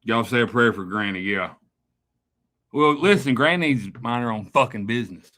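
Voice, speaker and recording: A man hosts a call-in livestream and chats casually between callers. His voice is bright and forward, and his banter stays loose and easygoing. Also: medium pitch, animated, normal speed. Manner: loose, laid-back banter. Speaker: host taking phone calls on a livestream.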